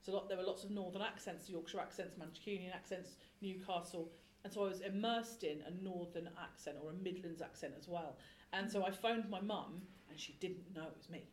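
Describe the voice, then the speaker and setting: A woman's voice: on the low side, fairly quick, hardly any pauses, roomy sound, a little hiss or hum. A woman from Croydon, a teacher leading a chatty group discussion on a school podcast and asking questions of students around her. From Croydon, South London. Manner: chatty, encouraging, asks questions.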